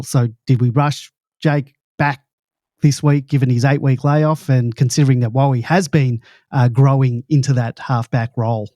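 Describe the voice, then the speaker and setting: Casting: mid-pitched podcast host, mellow tone, dry delivery, close dry sound. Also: male voice, dry recording. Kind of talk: casual chat, reading listener questions.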